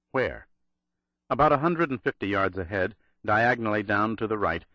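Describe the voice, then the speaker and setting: A man narrating a thriller audiobook in a measured, dramatic read. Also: lowish voice, a bit bright, dry recording, lo-fi sound.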